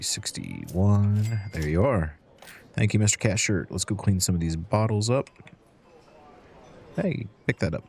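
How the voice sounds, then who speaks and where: Guy with a really deep voice doing easygoing let's-play commentary, chatting to customers while counting change. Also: gravelly, darkish tone. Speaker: gaming channel host.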